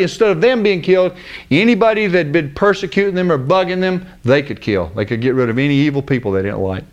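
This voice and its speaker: A man preaching in a lively, colloquial storytelling style. He laughs often and acts out the characters. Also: fairly high pitch. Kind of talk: animated sermon storytelling.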